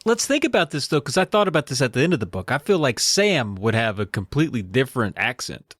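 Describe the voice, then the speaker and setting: A man's voice: mid-range voice, big pitch swings, fast talker, a bit bright, no echo. Chatty man recapping, dry close sound. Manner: chatty, wry, eager. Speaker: podcast co-host. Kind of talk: casual book recap chat.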